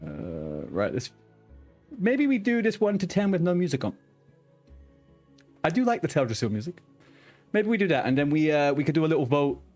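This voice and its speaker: A man's voice: a little high, wildly swooping pitch, normal speed, long pauses, darkish tone, soft background music. A man streaming a game, chatting casually to viewers, swearing often and restarting his sentences. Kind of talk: casual live-stream chat.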